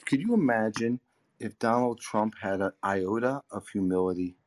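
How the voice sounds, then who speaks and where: A man's voice: on the low side, normal speed, noisy background. A middle-aged man talking sales on a podcast, emphatic and full of repeated words, his voice swinging up and down as he makes his points. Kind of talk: animated conversational podcast talk.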